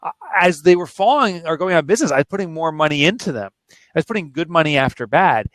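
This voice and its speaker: A man's voice: on the high side, lively intonation, fast, a bit bright, no echo. A man in his forties, an author being interviewed, telling a candid personal story in an earnest, emotional, plain-spoken way. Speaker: author and guest.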